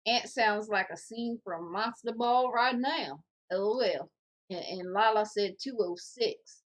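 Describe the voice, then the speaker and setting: A woman co-hosting a casual podcast, reading viewer comments aloud in a jokey, animated way. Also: medium pitch, unhurried.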